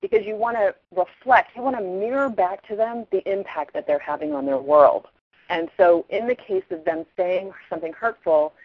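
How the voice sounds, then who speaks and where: A middle-aged woman explains parenting ideas in a relaxed, chatty way and acts out little scenes with her kids. The sound is dry and dull, like an old radio broadcast. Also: medium pitch, no room sound. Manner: animated storyteller acting out quotes. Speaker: parenting expert guest. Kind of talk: casual advice talk.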